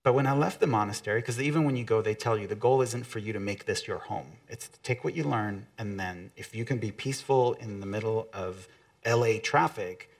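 A man's voice: lowish voice, fairly quick, vocal fry. A man giving a conversational motivational talk to an audience, often acting out quotes from other people.

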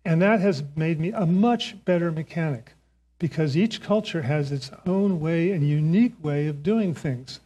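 An older man giving a reflective talk, telling a personal story in a relaxed way and chuckling now and then. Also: a little high, normal speed. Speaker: speaker.

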